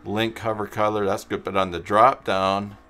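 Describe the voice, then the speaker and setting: A man with a fairly low voice hosts a live-stream tutorial, talking through each step as he works. He answers viewers in the chat as he goes. His speech is halting, with pauses and fillers between thoughts. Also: little pitch movement, pushed and bright. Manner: thinks aloud while working, replies to chat viewers. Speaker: tutorial host. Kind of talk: live-stream screen-share web design tutorial.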